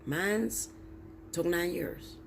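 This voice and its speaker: A woman's voice: on the low side, drawn-out words, gravelly, slight background noise. Blunt, profane woman tarot reader. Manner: blunt, profane, emphatic, preachy. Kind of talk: ranting direct-to-camera monologue.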